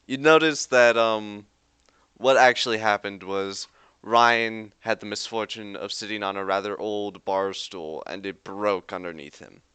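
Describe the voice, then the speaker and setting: A man's voice: on the low side, steady tone, a little slow, a bit bright, clean tone, no echo. A young man running a tabletop game as game master, narrating loosely with lots of "like". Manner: rambling with frequent "like" fillers.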